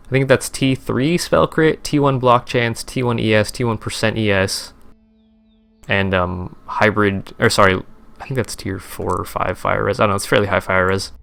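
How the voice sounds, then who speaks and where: A man's voice: on the low side, gravelly, fairly bright tone, smooth. A young man, a streamer, casually recapping his game trades in a rambling, profane, self-correcting way.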